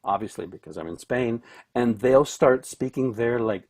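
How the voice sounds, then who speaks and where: A man's voice: medium pitch, moderate pace, a little mellow. A middle-aged man from Canada talks casually as a guest on a video call. He rambles and restarts his sentences often, with plenty of fillers. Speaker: guest, orchestral cellist.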